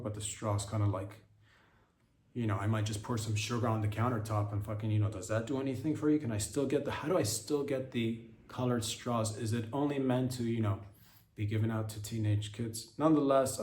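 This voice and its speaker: A man hosting a podcast, telling a crude comedy story in a rambling, profane, deadpan way. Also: on the low side. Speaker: podcast host. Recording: roomy echo.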